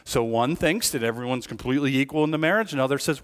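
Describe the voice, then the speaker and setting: A man's voice: medium pitch, big pitch swings, fast talker, hardly any pauses. A middle-aged man preaching a sermon as lead pastor, talking conversationally and often checking in with the congregation. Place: church sanctuary. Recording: long reverb of a large church hall.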